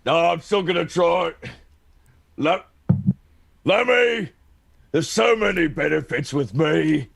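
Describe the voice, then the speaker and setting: A man playing a tabletop game, joking and theatrical, with a gravelly, husky voice. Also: a little slow. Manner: joking, theatrical, swoops in pitch. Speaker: player.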